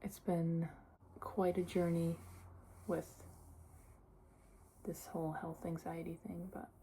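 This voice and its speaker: A woman's voice: on the low side, little pitch movement, takes it slowly, dark tone, slight background noise. A young woman talking casually in a personal vlog, sharing her experience with many "like" fillers. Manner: chatty, lots of "like" fillers. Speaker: vlogger.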